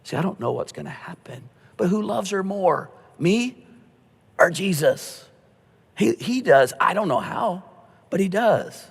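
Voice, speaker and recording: A middle-aged man preaching a conversational sermon as a pastor, earnest and storytelling, going hushed at tender moments. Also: sits high, animated, unhurried, gravelly, slightly rough. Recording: long reverb of a church hall.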